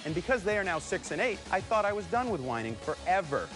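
This sports show host is a man in his thirties who talks fast in a sing-song way, with music playing behind him. He's cocky and needling with his opinions, swinging his pitch up and down for emphasis.

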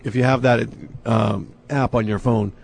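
A man losing his voice, quickly giving a store promo on a casual radio chat. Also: mid-range voice, steady tone, vocal fry, a little hiss or hum. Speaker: pro shop representative.

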